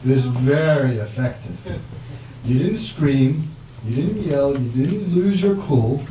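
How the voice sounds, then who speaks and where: Warm in tone and slow in pace, a man with a medium-pitched voice runs an interactive parenting workshop, conversing with the audience and acting out what parents and children say. The mic is distant, the room echoes, and background noise can be heard.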